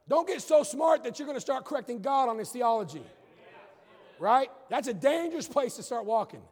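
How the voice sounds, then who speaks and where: A man preaching a sermon as a pastor, building from calm teaching to emphatic, shouted declarations. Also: very high voice, vocal fry, long reverb tail. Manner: preaching with rising emphatic outbursts.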